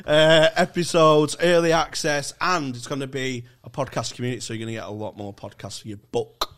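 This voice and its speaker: A man co-hosting a podcast, animated and crude, who often mimics what others said. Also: mid-range voice, a little fast. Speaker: podcast co-host. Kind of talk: casual banter.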